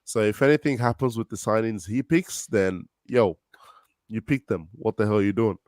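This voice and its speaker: Male panelist, sick, low pitch, dry, relaxed and chuckling. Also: moderate pace, no echo. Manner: laid-back, chuckles often. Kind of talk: casual football chat.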